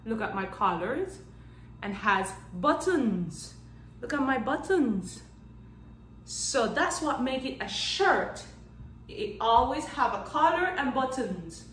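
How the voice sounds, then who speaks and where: A woman teaching a children's Spanish lesson in a playful, animated way. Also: on the high side, slow, reverberant, recorded from a distance, rough recording. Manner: animated and playful, claps out syllables, counts down magic tricks.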